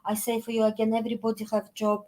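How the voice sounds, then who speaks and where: A woman from Russia with a Russian accent, a guest chatting casually in halting, broken English full of restarts. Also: a little high, completely flat delivery, warm tone, poor audio. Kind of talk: casual chat. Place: hotel.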